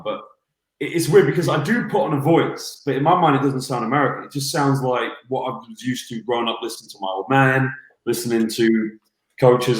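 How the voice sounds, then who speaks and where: A man who commentates basketball speaks as a podcast guest at a middling pitch. He explains himself earnestly, rambling through anecdotes. His voice carries a noticeable roomy echo. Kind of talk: casual interview chat.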